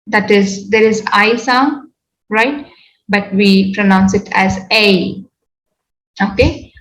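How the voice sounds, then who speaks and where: Slow, deliberate Indian woman teaching. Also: medium pitch, fairly bright tone, echoey room, low-quality recording. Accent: Indian English. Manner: slow, deliberate, repeats words for pronunciation drills. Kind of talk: online phonetics lecture.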